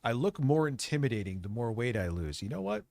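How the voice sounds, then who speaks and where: A man streaming live, ranting in a profane and defensive way, his voice gravelly from a cold. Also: mid-range voice, sing-song, a little fast, a little mellow, dry recording. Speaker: streamer reacting to videos. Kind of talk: casual livestream rant.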